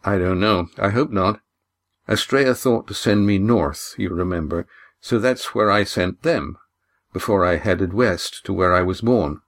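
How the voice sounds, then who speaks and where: A man reading an audiobook, voicing a weary, guarded young man who answers in low, clipped sentences. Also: unhurried. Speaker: audiobook reader voicing a character.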